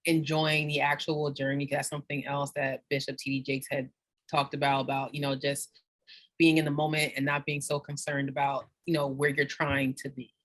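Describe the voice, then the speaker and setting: A woman's voice: a bass voice, level tone, moderate pace, no echo. A woman co-hosting a faith podcast, speaking in casual chat and answering reflectively with some hesitation. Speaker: podcast co-host.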